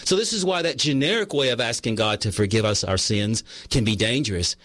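A man's voice: medium pitch, a little fast, a bit bright, dry recording. A male pastor preaching a conversational sermon, reading from a book and telling a personal story, often restarting his words.

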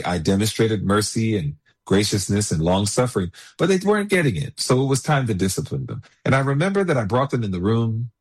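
A man's voice: fairly low pitch, breathy edge. A man preaching a sermon in an earnest way, reading passages aloud and then speaking freely with many "you know"s. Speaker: pastor.

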